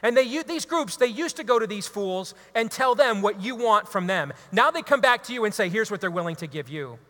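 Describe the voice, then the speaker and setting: A man, a radio talk show host, giving an impassioned, preachy talk to a live audience. He is emphatic and builds to loud exhortations. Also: extremely high pitch, animated, brisk. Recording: long hall reverb.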